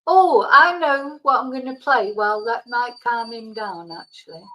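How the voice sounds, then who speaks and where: A woman's voice: a little high, unhurried, sharp tone, poor audio. A woman hosting a casual live stream, chatting with viewers and soothing her dog. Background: faint fireworks.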